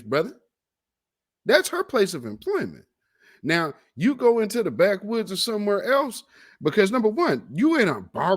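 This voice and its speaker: A man delivering reaction commentary in a pitched-up, lively voice that swings up and down a lot. He sounds emphatic and preachy, leaning hard on the words he stresses. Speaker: commentary host. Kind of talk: reaction commentary on video clips.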